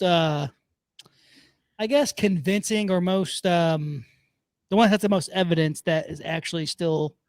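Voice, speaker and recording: A man's voice: sits high, dry recording. A man hosting a casual podcast chat, joking and swearing, laughing often. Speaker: podcast host.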